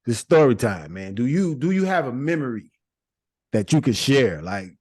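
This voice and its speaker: A man hosting a podcast, asking relaxed questions in a casual interview. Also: medium pitch, moderate pace, husky, no room sound, studio quality. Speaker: podcast host.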